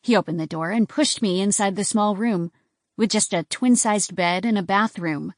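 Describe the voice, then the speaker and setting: A woman's voice: mid-range voice, dry recording, studio quality. A woman giving a tense, dramatic first-person audiobook narration.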